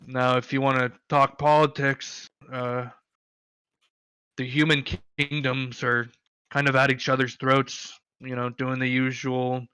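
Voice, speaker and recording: A man's voice: medium pitch, bright, forceful tone, clear, resonant tone, no echo. A man narrating a tabletop game as game master, easygoing and full of fillers.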